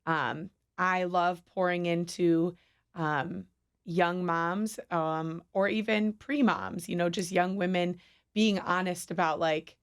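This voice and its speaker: A woman's voice: fairly low pitch, fairly even intonation, slow, smooth. A woman guest on a radio show, chatting candidly and laughing at herself. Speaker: radio guest from a city mission. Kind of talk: casual radio chat. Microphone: studio microphone.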